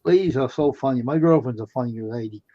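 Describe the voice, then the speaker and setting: A man's voice: medium pitch, fast talker, warm tone, dry recording, muffled recording. A man telling casual anecdotes on a stream, laughing easily as he talks. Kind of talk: casual chat.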